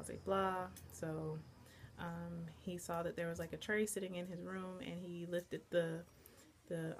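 Young female vlogger, lowish voice, casual rambling recap, light background hum. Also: gravelly, darkish tone. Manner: chatty, lots of "like" and "blah, blah, blah". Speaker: anime review vlogger.

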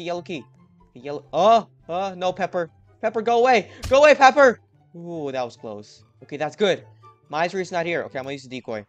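A young man commentating his gameplay with lots of energy, talking straight to his viewers. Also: fairly high pitch. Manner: energetic, talks to viewers, hypes himself up. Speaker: gaming video host.

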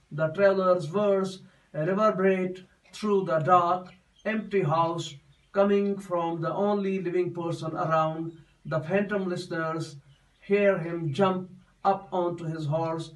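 A man explains a poem as a classroom lesson, going over each point again and again with restarts. His voice sits high, and he sounds set back from the microphone. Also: far from the mic, low-quality recording. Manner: repetitive, explains step by step with many restarts. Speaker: teacher.

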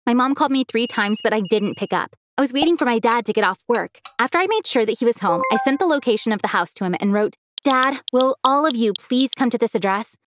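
A woman narrating a first-person animated story as a teenage girl, expressive and lively in delivery. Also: a little high, quick pace, hardly any pauses, a little hiss or hum. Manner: expressive, acts out a teenage girl's feelings.

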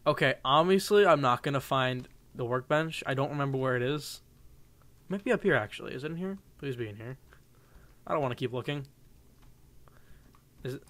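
A man's voice: medium pitch, expressive, fairly quick, long pauses, a bit bright. A young man commenting casually on his own gameplay, rambling and joking with viewers in a goofy mood. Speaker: gaming channel host. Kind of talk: playing a game with live commentary.

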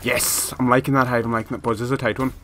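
A young man commentating his own shooter match, excitable and quick to shout and complain. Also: medium pitch. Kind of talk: gameplay commentary. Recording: noisy with game gunfire behind.

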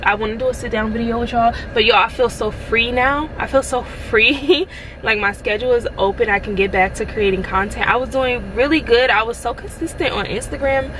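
A woman's voice: mid-range voice, noisy background. A woman chatting casually to her viewers in a vlog, laughing often and calling them y'all. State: out of breath. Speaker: vlogger. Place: parked car outside a post office, then at home.

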